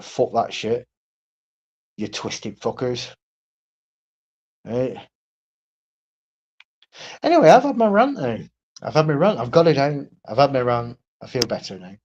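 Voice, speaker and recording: A man's voice: mid-range voice, very animated, takes it slowly, pauses often, darkish tone, dull audio. Blunt, profane man ranting solo. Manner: blunt, profane, repetitive, keeps asking "right?". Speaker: streamer. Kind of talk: solo livestream rant.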